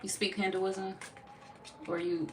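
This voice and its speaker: A woman's voice: mid-range voice, level tone, slow pace. Woman from missouri doing a tarot livestream, blunt and jokey, kinda far from the mic with noise behind. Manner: blunt, playful, swears freely, laughs often. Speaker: tarot reader hosting a livestream. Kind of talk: casual livestream chat reading viewer comments. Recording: echoey room, far from mic, noisy.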